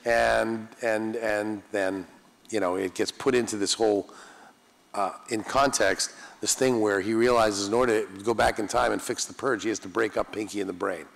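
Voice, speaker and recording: Older guy, low gravelly voice, chatty self-deprecating stories, big echoey hall. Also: fairly even intonation, moderate pace, fairly bright tone. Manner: self-deprecating, chatty, restarts mid-sentence. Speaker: voice actor guest at a convention panel. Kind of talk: anecdotal Q&A storytelling. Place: convention hall panel. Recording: long hall reverb.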